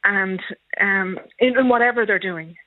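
A middle-aged Irish woman, a guest on a radio show, talking warmly and at length with rising emotion. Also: mid-range voice, unhurried. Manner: warm, rambling, emotional. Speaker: guest, mother of an actor. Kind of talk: phone interview. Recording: tinny phone line.

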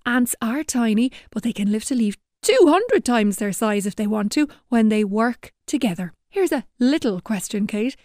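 Woman, children's radio presenter, encouraging, higher voice, dry studio sound. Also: moderate pace, few pauses, no room sound. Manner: animated, encouraging, lively teacher tone.

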